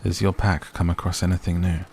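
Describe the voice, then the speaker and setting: A man's voice: sits low, little pitch movement, a little fast, vocal fry, darkish tone, slight background noise. A man voicing a composed, protective young man who speaks perfectly politely in a bedtime story. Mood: calm.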